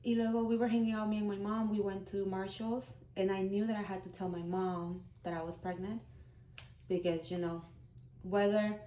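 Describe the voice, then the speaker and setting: A woman's voice: medium pitch, dark tone, a little hiss or hum. A woman in her thirties, a vlogger, telling a personal story in a candid, heartfelt, conversational way. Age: 30s. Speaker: vlogger, single mom. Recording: roomy echo.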